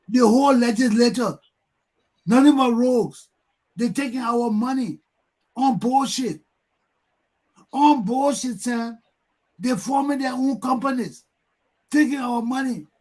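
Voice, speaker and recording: A Liberian man with a high-pitched voice hosts a talk show and rants about the state of his country. He mocks others by echoing their repeated shouts, and his speech is loose and forceful. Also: a little slow, long pauses. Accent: Liberian English. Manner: mocks people by mimicking their repeated yelling. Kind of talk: heated talk show commentary.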